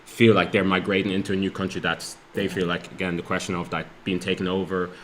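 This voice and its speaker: Male guest, lower register with a bright edge; speaks haltingly in relaxed discussion. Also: a little hiss or hum. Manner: halting, many fillers and restarts. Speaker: community group founder, guest. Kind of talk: casual discussion.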